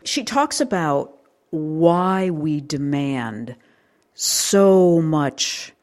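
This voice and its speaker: A woman interview host introducing her show and framing questions for an author in a curious, measured way. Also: low-pitched, lively intonation. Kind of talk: interview hosting.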